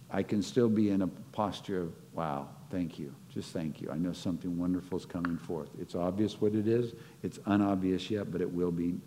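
A man's voice: fairly low pitch, mellow. A man preaching a sermon, reflecting on scripture and acting out short stories as he teaches. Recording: long hall reverb.

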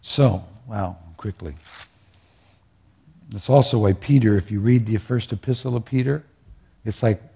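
Husky-voiced man preaching conversationally. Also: on the low side, a little slow, long pauses, dark tone. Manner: conversational and earnest, asks the listeners questions. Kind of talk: conversational sermon.

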